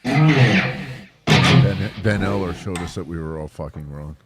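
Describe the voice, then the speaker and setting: A man's voice: low voice, slow. A man co-hosting a casual guitar chat, blunt and swearing freely as he gets worked up about playing. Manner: blunt, swears freely, animated when excited.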